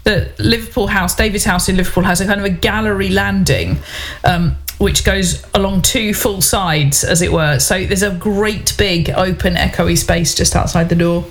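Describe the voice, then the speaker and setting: A woman's voice: on the low side, fairly even intonation, moderate pace. A woman presenting a radio show from a home bedroom, chatting casually to listeners and laughing as she goes. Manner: chatty, rambling, with laughing asides. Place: home bedroom with open door onto a landing.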